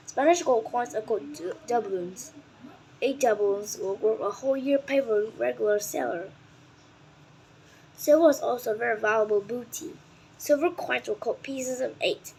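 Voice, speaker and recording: A higher-voiced Vietnamese woman reading aloud. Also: slight background noise, poor audio. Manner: careful and deliberate, sometimes stumbling and correcting words. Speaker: reader of a children's book. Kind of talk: reading a nonfiction book aloud.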